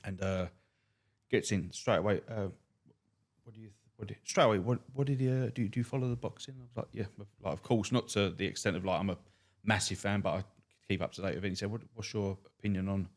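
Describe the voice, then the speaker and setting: Cab driver guy swearing thru his stories, lowish voice, dry deadpan delivery. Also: fast. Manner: blunt, profane, deadpan storyteller. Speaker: cab driver and stand-up comic guest. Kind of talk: swearing anecdotal storytelling.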